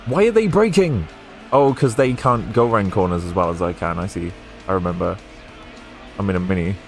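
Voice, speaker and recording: A man with a softened Welsh accent, chatting casually and rambling while he streams a racing game. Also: sits low, fairly even intonation, fairly quick, creaky, soft background music. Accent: Welsh, Newport area, softened toward English. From Wales. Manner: rambling and chatty, with frequent fillers and restarts.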